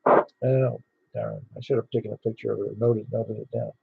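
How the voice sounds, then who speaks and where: A man with a gravelly, husky voice leads a ham radio net in a relaxed, meandering way. His voice comes through as dull, dry, lo-fi radio audio. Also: on the low side, fairly quick, dry recording. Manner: easygoing, rambling, with fillers. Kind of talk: casual radio chat. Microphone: radio transceiver mic.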